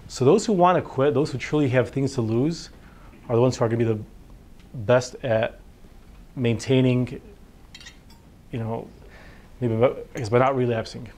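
A man's voice: mid-range voice, normal speed, pauses often, a little mellow. A man, a physician, giving an informal workshop talk on addiction, conversational and full of fillers. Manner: conversational, full of fillers, acts out patients' words. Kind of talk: informal lecture.

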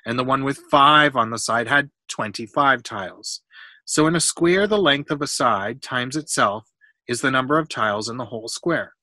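Man reading a storybook to a kid, patient and explanatory; very bright tone, dry close mic. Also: medium pitch, dry recording. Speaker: reading aloud to a child. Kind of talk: storybook read-aloud with math questions.

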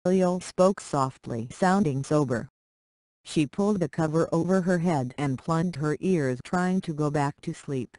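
Slow, flat-read story narration. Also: medium pitch, no echo. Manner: reads punctuation aloud literally.

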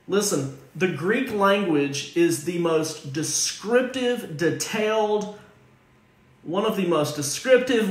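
A man's voice: on the high side, fairly bright tone, roomy sound. A male pastor preaching a sermon, emphatic and repetitive, calling out listeners by name. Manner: emphatic, repeats phrases and calls out listeners by name.

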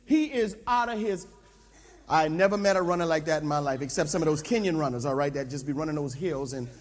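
A man preaching and telling a comic story, talking straight to the crowd in an animated way. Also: fairly high pitch, quick pace. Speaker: pastor. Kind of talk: humorous sermon storytelling. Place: large camp tent. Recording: long reverb in a large camp tent.

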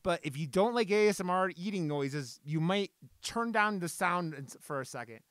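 A man's voice: high-pitched, lively intonation, moderate pace, a bit bright, dry recording. Playful, chatty male streamer. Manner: playful, chatty, swears casually. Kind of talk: casual live-stream chat. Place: home, at a desk.

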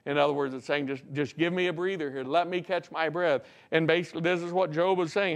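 Fervent preacher man, higher voice. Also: steady tone. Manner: rises to loud emphatic peaks then drops to quiet reflection; reads scripture slowly in old-fashioned wording. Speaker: pastor. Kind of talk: sermon. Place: church sanctuary.

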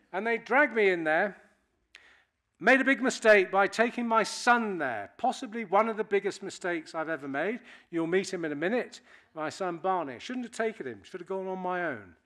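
A man's voice: sits high, pushed and bright. A man in his sixties from Britain, giving a public speech to an audience and telling wry, anecdotal stories. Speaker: keynote speaker.

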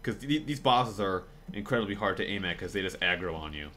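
A man's voice: sits low, animated, a little fast, pushed and bright, slight background noise. A man giving casual gameplay commentary, rambling and swearing freely with lots of fillers and restarts. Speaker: let's play commentator. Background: game music.

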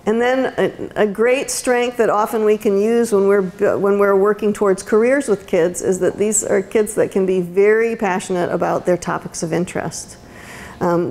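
A woman's voice: medium pitch, darkish tone, slight background noise. A woman giving a conversational lecture as an autism educator, with frequent ums and restarts. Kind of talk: university lecture talk. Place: lecture room.

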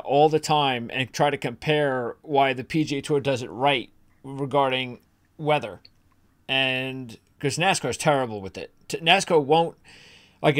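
A man's voice: mid-range voice, fairly bright tone. A man co-hosting a golf betting podcast, opinionated and rambling, with frequent restarts and fillers. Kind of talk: casual sports chat.

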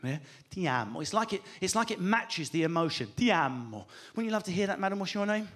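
A man with an Essex accent doing a stand-up comedy routine, talking rapidly with animated mimicry and swearing. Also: sits high. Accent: Essex English. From England. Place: comedy stage before a live audience.

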